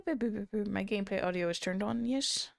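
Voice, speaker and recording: A woman's voice: medium pitch, measured pace, vocal fry. A woman streamer chatting casually with viewers, rambling with many restarts and small laughs. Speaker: VTuber streamer.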